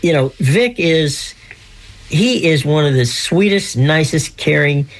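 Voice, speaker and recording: A man's voice: on the high side, lively intonation, slow pace. A man in his sixties, originally from Pennsylvania, telling rambling stories as a guest over the phone, full of restarts and little laughs. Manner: rambling storyteller, many restarts, laughs often. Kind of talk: casual chat. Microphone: phone line.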